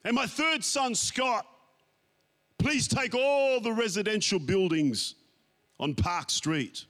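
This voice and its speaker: A man's voice: high-pitched, expressive, slow, a bit bright, big-room sound, exaggerated voice. A man voicing a frail dying old man.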